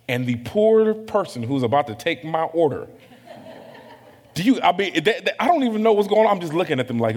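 A man preaching a sermon in a casual, conversational way, with self-deprecating, animated asides. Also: fairly high pitch, in a large hall. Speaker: pastor.

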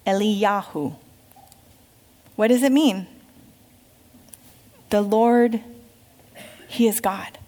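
A woman's voice: fairly high pitch, extremely slow, pauses often, mellow. A woman teaching a Bible lesson, reading scripture aloud and telling it as a story while asking her class questions. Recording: long hall reverb.

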